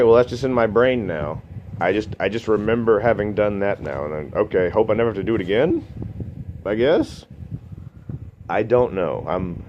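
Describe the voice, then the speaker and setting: A man telling a long comic story in a deadpan, rambling way, swearing often. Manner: deadpan, rambling, swears a lot, voices others in a raised pitch. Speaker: storytelling comedian. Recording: dull lo-fi recording with faint noise.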